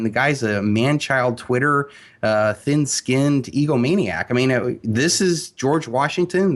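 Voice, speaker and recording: A man at an ordinary pitch talks as an interview guest in an emphatic, animated way. His sentences tumble out with many fillers and restarts. He shifts his pitch up and down as he builds each point. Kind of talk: casual interview talk.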